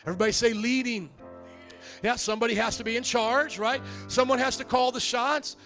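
A man with a fairly high voice preaches to his church, animated and storytelling, slipping into little acted voices. Soft music sits faintly behind him. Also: brisk. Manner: lively storytelling, acts out quoted voices. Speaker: pastor. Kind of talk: sermon.

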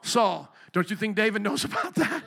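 A man preaching a sermon in a conversational style, swinging between quiet, frank talk and loud shouting. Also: high voice, sing-song, moderate pace, creaky, husky. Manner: self-deprecating asides and restarts. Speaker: pastor.

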